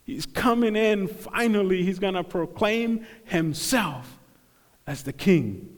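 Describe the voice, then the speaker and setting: High-pitched preaching man in a big hall. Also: takes it slowly. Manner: animated preaching, acts out crowd voices, drops to hushed tones. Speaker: pastor. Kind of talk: sermon.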